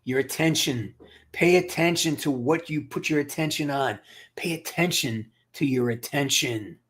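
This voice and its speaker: A man's voice: fairly high pitch, normal speed, a bit bright. A middle-aged man hosting a livestream, ranting to his live chat in a blunt, profane, emphatic way and answering viewers' comments. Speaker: livestream host. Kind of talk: casual rant to live chat.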